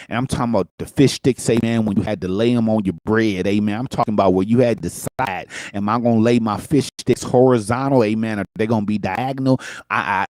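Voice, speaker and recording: A man's voice: mid-range voice, a little mellow, no echo. A man hosting a motivational show in a preacher's call-and-response manner, repeating "amen" and urging listeners to talk back. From Michigan.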